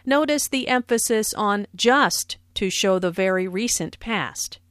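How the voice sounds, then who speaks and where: A woman narrating a scripted language lesson, explaining phrases slowly and carefully with clear enunciation. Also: medium pitch, fairly bright tone, dry recording, clean studio sound. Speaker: language teacher.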